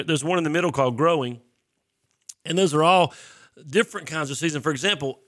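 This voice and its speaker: A man hosting a Christian show, talking casually and teaching, congested and often clearing his throat. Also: on the high side, a bit bright, no echo, studio quality. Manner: chatty, self-deprecating, throat clearing. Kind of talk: casual sermon talk.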